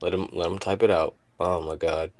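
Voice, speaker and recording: A man's voice: low voice, steady tone, a little fast, no room sound. A man co-hosting a podcast, joking around with blunt reactions. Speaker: podcast co-host. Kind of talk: casual banter.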